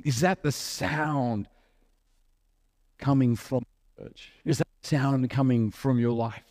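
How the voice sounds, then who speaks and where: A man's voice: medium pitch, takes it slowly, pauses often, a little mellow, no room sound, clean studio sound. Man preaching a conversational sermon. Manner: conversational preaching with rhetorical questions and acted-out asides. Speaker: pastor.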